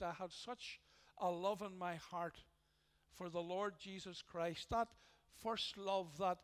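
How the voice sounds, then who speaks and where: A Northern Irish man preaches a sermon as a pastor, his high, clean voice earnest and emphatic. He often repeats phrases to give them weight, and a long hall reverb fills the recording.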